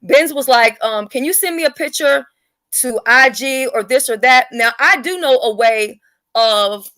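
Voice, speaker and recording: A woman hosting a casual live-stream chat, blunt, profane and animated. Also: high voice, a little slow. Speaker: livestream host.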